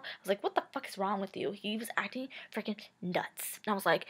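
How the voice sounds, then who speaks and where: A woman's voice: medium pitch, expressive, a little fast, hardly any pauses, husky. A woman in her twenties telling a personal story to camera in a casual, chatty way, full of "like" and "um" and frank swearing. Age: 20s. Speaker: vlogger.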